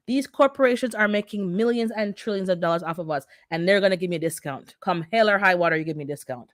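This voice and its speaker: A woman's voice: lowish voice, fast talker, hardly any pauses, no echo, clean studio sound. A middle-aged woman who immigrated to North America, hosting a casual livestream and chatting back to her viewers' comments. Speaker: livestream host reading the chat.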